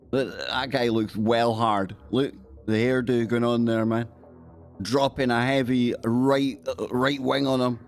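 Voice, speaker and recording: A man's voice: mid-range voice, darkish tone. A man hosting a live stream, reading odd news stories in a cheeky, joking way and often breaking into laughter.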